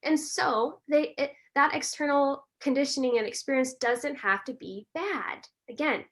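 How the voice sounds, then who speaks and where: A woman, a breathwork and meditation teacher, talking earnestly and warmly as a podcast guest in a reflective, gently spiritual way. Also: high voice, unhurried. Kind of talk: reflective conversational talk.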